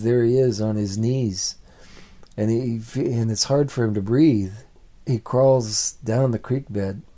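Medium in pitch and dark in tone, a man recounts a family story in a plain oral storytelling style. He leans on repetitive, building phrases.

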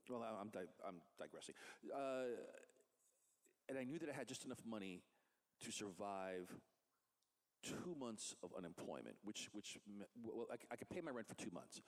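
Lower-pitched male comic artist, casual storyteller, animated, slips into voices for the people in his story.

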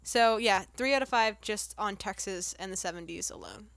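A woman co-hosting a casual movie review chat, telling stories with lively asides and acting out her own reactions. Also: normal speed, dry recording, clean studio sound. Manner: animated storyteller, quotes herself in a higher voice. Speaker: podcast co-host.

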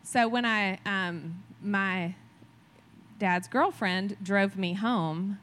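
A woman's voice: mid-range voice, very slow, fairly bright tone. A woman giving a casual sermon, speaking in a chatty, conversational way and often asking her listeners "right?" as she tells a story from her farm upbringing. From rural farm community. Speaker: church speaker.

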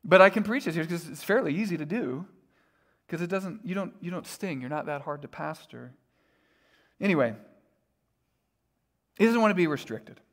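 A middle-aged male pastor delivers a sermon in a relaxed, conversational way. He fills his talk with casual fillers and self-deprecating asides, and his voice sits slightly higher than most men's. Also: normal speed, pauses often.

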